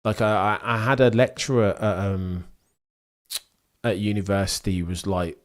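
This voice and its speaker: A young British man hosting a live sports watchalong, chatting with viewers and reacting to the race in a rambling, excitable way. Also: fairly low pitch, moderate pace. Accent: British English. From England. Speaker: livestream host. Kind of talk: live sports watchalong commentary, reading chat.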